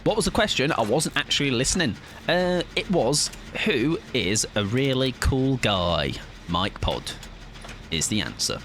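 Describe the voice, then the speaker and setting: Man, young adult, streamer, casual gaming chat, playful, rambling, lively pitch, medium voice. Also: a little slow, slight background noise. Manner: playful, rambling, jokey, chatting to viewers.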